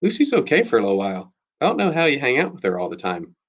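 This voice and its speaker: Snide schoolgirl, bossy, mocking, raised pitch, as a man voices her, storybook reading, dull lo-fi sound. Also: wildly swooping pitch, very fast. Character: snide popular middle-school girl.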